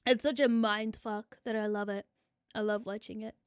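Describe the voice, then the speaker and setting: With a fairly high, clear and resonant voice that barely moves in pitch, this young VTuber streamer talks at a moderate pace. She rambles chattily through viewer comments on her livestream, repeats phrases and swears casually, and the studio audio is clean without any echo.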